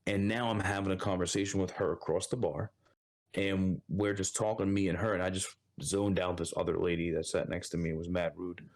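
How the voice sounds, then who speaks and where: A man's voice: low voice, level tone, fairly quick, a little mellow. A man from Brooklyn with a New York accent, a podcast guest in his thirties telling a story in casual conversation and acting out other people's lines. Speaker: podcast guest, Marine Corps reservist.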